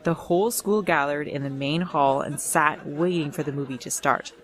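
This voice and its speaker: A woman's voice: sits low, normal speed. A woman telling a first-person storytime tale in a plain, earnest way.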